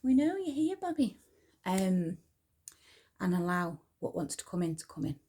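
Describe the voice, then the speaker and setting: A woman at home, softly guiding a meditation and movement practice at an unhurried pace, with quiet whispered asides. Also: fairly low pitch, very animated. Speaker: spiritual teacher. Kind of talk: guided meditation and movement instruction.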